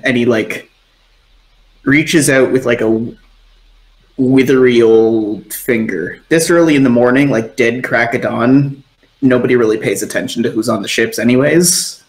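Slow, rambling game master, echoey room. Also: male voice, medium pitch. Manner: relaxed, rambling with fillers. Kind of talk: narrating a tabletop game.

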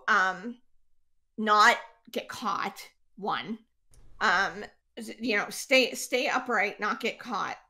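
A woman's voice: mid-range voice, pushed and bright. A woman serving as game master in a tabletop role-playing game, explaining rules and scenes in a loose, chatty way full of fillers.

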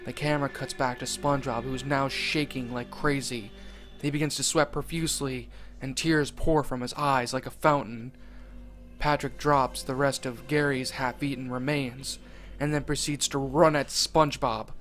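A man narrates a horror story at a mid pitch, in a deliberate, unhurried reading that lingers on grisly details. Faint music plays underneath. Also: fairly even intonation, fairly bright tone.

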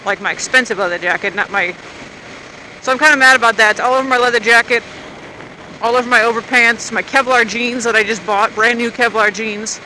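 Bright-voiced rambling motorcycle vlogger woman. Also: fairly high pitch, steady tone, fairly quick, slight background noise, low-quality recording. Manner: chatty, rambling, grumbling. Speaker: motovlogger. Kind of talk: unscripted rambling vlog. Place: outdoors at a gas station.

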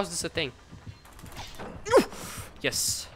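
A man giving live commentary on his own game, excitable and profane, swinging between mutters and sudden shouts. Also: mid-range voice, moderate pace, a little hiss or hum.

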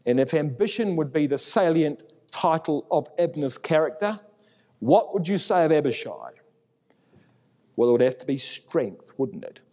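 Male Bible teacher, lively delivery, mellow tone, long hall reverb. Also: a little high, moderate pace. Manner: animated, acts out biblical dialogue in raised voice.

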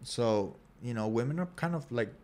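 A man's voice: medium pitch, expressive, moderate pace, darkish tone. A man co-hosting a podcast in casual chat, rambling and joking with many fillers. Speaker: podcast co-host.

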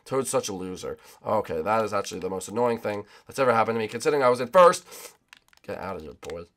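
A man hosting a gaming channel, rambling excitedly to viewers while racing. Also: lowish voice, very fast. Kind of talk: casual gameplay commentary.

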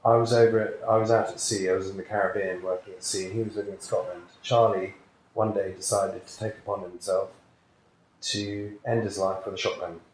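A man who works as a psychic healer tells a personal story during an interview, his lowish, darkish voice level in tone and a little fast. He's earnest and reflective and performs quoted voices; the room echoes and there's faint noise.

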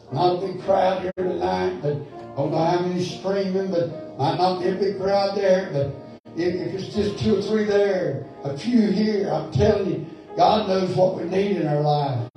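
A pastor preaches with fervour, his somewhat high, mellow voice climbing into emphatic calls. He is caught from far off in a very echoey church hall, with soft instrumental music underneath. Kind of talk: sermon. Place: church sanctuary.

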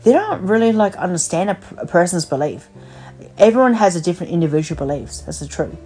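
A woman's voice: lowish voice, big pitch swings, quick pace, warm tone, slightly rough, faint music behind. A woman hosting a podcast, talking in a rambling, blunt casual chat over the phone and swearing freely. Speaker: podcast host.

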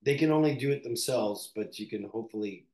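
A man from Canada, an actor, speaking candidly in an interview in a reflective, halting way with many fillers and restarts. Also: medium pitch, mellow, reverberant.

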